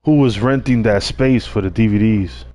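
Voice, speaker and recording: A man's voice: lowish voice, moderate pace, mellow, slight background noise. A young man telling street stories in a casual, laid-back way, with lots of slang and swearing. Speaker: streamer. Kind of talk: casual storytelling.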